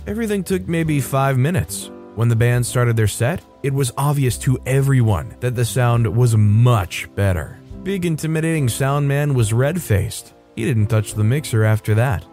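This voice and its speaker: A man's voice: medium pitch, lively intonation, normal speed, hardly any pauses, a little mellow. Man narrating stories over faint music. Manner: conversational, addresses the audience. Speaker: host narrator. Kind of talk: scripted story narration.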